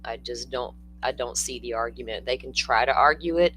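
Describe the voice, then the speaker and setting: A man's voice: mid-range voice, moderate pace, sharp tone, a little hiss or hum, poor audio. An older man hosting a true-crime livestream, talking casually and bluntly, answering viewers in the chat.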